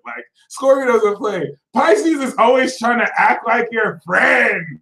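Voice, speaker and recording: A man hosting an astrology livestream, ranting animatedly, dropping to low mutters and then breaking into loud shouts while mocking other signs in put-on voices. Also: lively intonation, measured pace, hardly any pauses, reverberant, rough recording. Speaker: astrology channel host.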